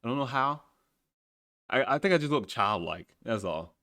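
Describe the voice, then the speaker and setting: A man in his thirties telling stories in a casual, colloquial chat, animated and often laughing, with the odd swear word. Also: mid-range voice, normal speed. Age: 30s.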